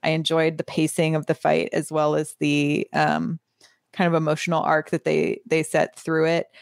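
A woman co-hosting a podcast, talking casually with a slightly low voice. She laughs easily and pads her thoughts with ums. The sound is dry and close. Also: little pitch movement, normal speed, vocal fry, no echo. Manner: laughs often, many ums. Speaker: podcast co-host.

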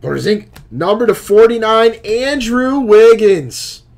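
A man's voice: sits high, expressive, measured pace, gravelly. A man hosting a live stream, opening packs of cards and chatting with viewers as he calls out each card.

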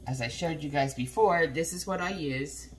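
A woman's voice: low voice, moderate pace. A tired woman just out of bed, chatting casually in a vlog while hurrying around her home kitchen. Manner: rambling, talks while hurrying about the kitchen. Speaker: cooking vlogger. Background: faint coffee machine hiss.

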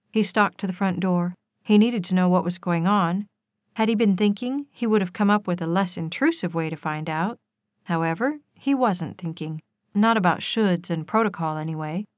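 A woman narrating a romance novel as an audiobook, with steady, expressive storytelling. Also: on the low side, no echo, studio quality.

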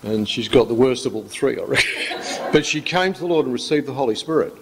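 A man's voice: mid-range voice, lively intonation, brisk, noisy background. A male pastor, giving an informal sermon full of rambling, joking stories. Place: church hall. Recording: echoey church hall.

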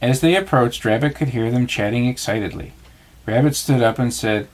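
A father reading a storybook aloud to his child at bedtime, expressive and storytelling. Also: medium pitch, moderate pace.

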